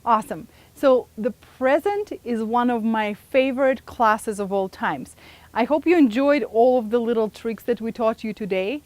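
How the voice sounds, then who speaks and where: Lady teaching a workshop, kinda high voice, keeps asking the crowd questions. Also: normal speed, darkish tone, no room sound. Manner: engaging, asks the audience questions. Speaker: workshop presenter. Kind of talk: live seminar talk to an audience.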